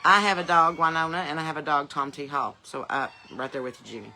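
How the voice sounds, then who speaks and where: A Southern woman holds forth in casual porch chat, blunt and folksy, never shy about swearing. Her voice is bright and forward. Chickens cluck faintly in the outdoor air around her. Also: low voice, fairly even intonation, fast, a little hiss or hum. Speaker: podcast host.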